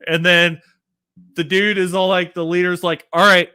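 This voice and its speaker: A man's voice: high-pitched, little pitch movement, moderate pace, pushed and bright, clean tone. A man hosting his own show, ranting casually with lots of swearing and constant fillers. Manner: profane, rambling, filler-heavy. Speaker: podcast host. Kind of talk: casual rant.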